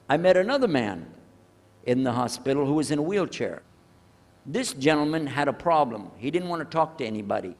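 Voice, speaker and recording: An older male religious speaker telling a personal story to an audience, acting out the dialogue with lively changes of voice. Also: a little high, big-room sound. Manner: animated storyteller who acts out the dialogue.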